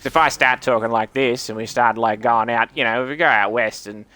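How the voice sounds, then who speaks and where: A man putting on a rough, laid-back outback bloke with a broad Australian accent, loud, sweary and rambling. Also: medium pitch, steady tone, fairly quick, lightly acted. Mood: boisterous.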